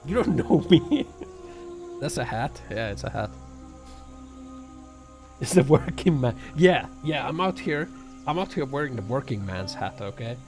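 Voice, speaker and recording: A man's voice: mid-range voice, expressive, a little slow, pauses often. A man streaming live and chatting with viewers, sarcastic and profane, rambling with lots of fillers. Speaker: livestreamer. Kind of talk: casual livestream chat reacting to viewer comments. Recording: music bed under the voice. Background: music playing.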